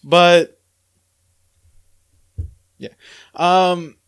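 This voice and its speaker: A man's voice: high voice, little pitch movement, very slow, smooth. A man hosting a podcast in casual chat, rambling with many fillers and restarts. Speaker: podcast host.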